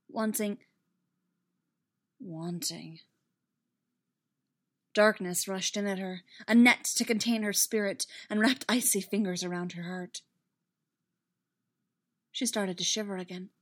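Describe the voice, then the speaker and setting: A woman narrating a fan-fiction story aloud in an expressive, dramatic reading. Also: medium pitch.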